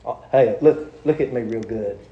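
A man's voice: medium pitch, normal speed, dull audio. A male pastor, preaching a sermon in a folksy, rambling way that restarts often. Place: church sanctuary. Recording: echoey church room.

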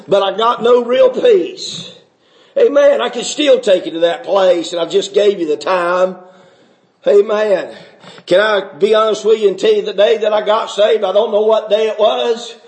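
A middle-aged man preaching a fervent testimony sermon, building from quiet recollection into shouting. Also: sits high. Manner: fervent, rising to shouts, Southern preaching cadence.

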